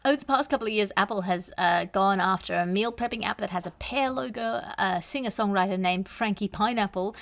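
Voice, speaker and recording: A woman hosts a comedy news panel and introduces each story with dry, punning setups. Her voice sits in an ordinary mid range. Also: mid-range voice. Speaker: podcast host.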